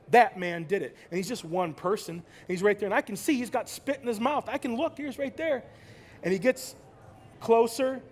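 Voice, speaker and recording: High-voiced, profane American man storyteller. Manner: emotional, animated, swears freely. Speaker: conference speaker. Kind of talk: live stage talk.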